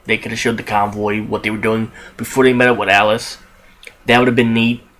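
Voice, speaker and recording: A man's voice: lowish voice, flat delivery, brisk, a bit bright. A young man casually reviewing a film on his podcast, rambling with frequent restarts, asides and casual swearing. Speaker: movie reviewer, podcast host.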